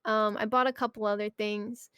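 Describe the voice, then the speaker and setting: A woman's voice: medium pitch, little pitch movement, moderate pace, pushed and bright, clean tone, no room sound, studio quality. A young woman streamer chatting casually and ranting about her job, swearing often and breaking into mock outbursts. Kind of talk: casual chat.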